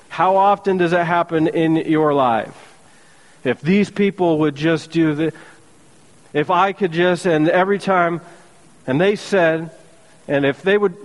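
A man preaching a sermon as pastor, telling the story with sarcastic humor and acting out the characters' voices. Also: a little high. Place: church sanctuary. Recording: long reverb of a large hall.

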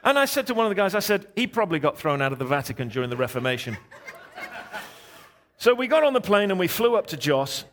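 Guest preacher guy telling a story, bouncy pitch, voices the other characters. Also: fast, a little hiss or hum. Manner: animated storyteller, voices the people in his story. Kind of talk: sermon storytelling.

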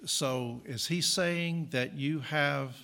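A man's voice: a little high, takes it slowly, vocal fry, sharp tone, big-room sound. A man preaching a conversational sermon, correcting himself and adding jokey asides. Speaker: pastor.

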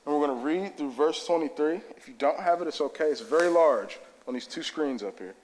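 A man's voice: on the high side, brisk, a little mellow. A man preaching a sermon in a church, casual, conversational and enthusiastic. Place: church sanctuary. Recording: long hall reverb.

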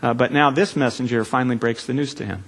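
Earnest preaching man, measured pauses. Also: medium pitch, fairly even intonation, creaky, fairly bright tone. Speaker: pastor. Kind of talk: sermon. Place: church.

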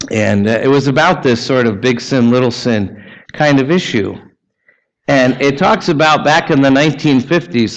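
A man, preaching a sermon in a conversational way, asking the congregation questions and adding casual asides. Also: mid-range voice. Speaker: pastor. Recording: dull lo-fi sermon recording.

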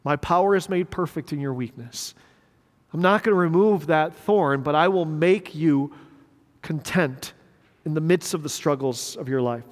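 A man's voice: on the high side, normal speed, in a large hall. A middle-aged male pastor preaching a sermon in a church, in a conversational way with rhetorical questions and repeated words. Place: church sanctuary.

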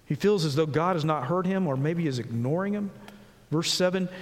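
Earnest high-voiced male preacher in a hall. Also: animated. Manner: earnest, slows and rises on scripture, drops low and soft on pauses. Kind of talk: sermon.

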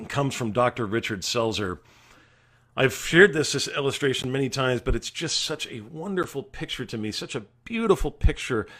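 A pastor delivering a devotional sermon in an earnest, emphatic way. His voice sits at an ordinary middle pitch for a man. He swings from loud, pressing declarations down to quiet, tender asides. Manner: earnest, emphatic preaching with wide swings between loud and hushed. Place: recorded during quarantine.

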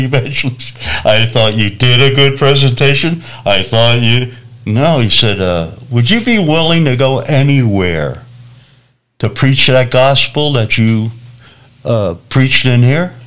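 A man preacher telling a personal story in a lively, animated way, acting out the voices of people in it. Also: on the high side. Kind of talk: storytelling testimony.

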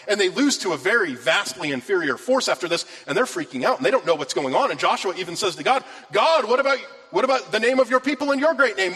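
In a high, somewhat bright voice, a male pastor preaches from scripture with earnest conviction, his delivery rising on the phrases he wants to stress. The recording carries the long reverb of a large hall.

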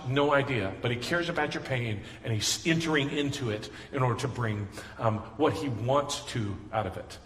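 A man's voice: on the high side, fairly bright tone. A man preaching a sermon as pastor, conversational and earnest, building to emphatic passion. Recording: echoey hall reverb.

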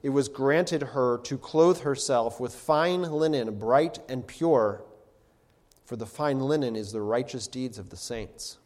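A man in his thirties delivers a sermon in a mid-range voice. He reads scripture with dramatic swells, building to loud, ringing exclamations before dropping back to a quiet, intimate tone. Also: medium pitch, a little slow. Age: 30s. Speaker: preacher.

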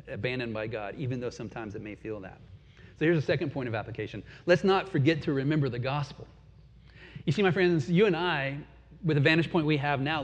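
A man in his forties preaching a sermon as pastor, earnest, swelling and dropping in force. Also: medium pitch. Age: 40s. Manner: earnest, rising and falling in force. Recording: dull sound with long hall reverb.

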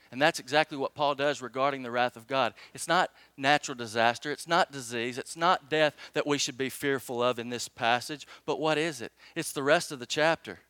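A man's voice: a little high, smooth, no echo. Emphatic man preaching a sermon. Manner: emphatic preaching, rising and loud when reading scripture; rhetorical questions to the congregation. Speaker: pastor.

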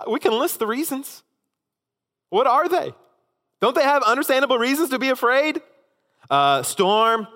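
A man preaching a sermon as a pastor, telling a story with animated, emphatic delivery. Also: fairly high pitch. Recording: long hall reverb.

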